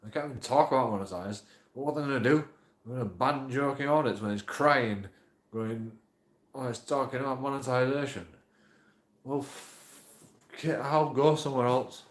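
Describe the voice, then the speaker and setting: A YouTube auditor vlogger keeps circling back to the same points in an emotional rant for his channel, swearing along the way. He speaks at a moderate pace in a medium-pitched voice, recorded with a roomy echo.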